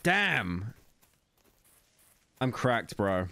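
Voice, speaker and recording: A man's voice: mid-range voice, sing-song, drawn-out words, gravelly, bright, forceful tone, no room sound. A young British man streaming a game, talking casually to his chat with sarcasm and frequent swearing. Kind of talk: casual gaming commentary.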